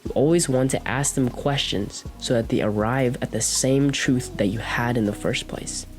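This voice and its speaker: A man's voice: mid-range voice, normal speed, faint music behind. A young man hosting a self-improvement video, giving direct spoken advice on how to talk to people. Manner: direct, coaching tone with demonstrations of speech. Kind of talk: instructional talk to camera.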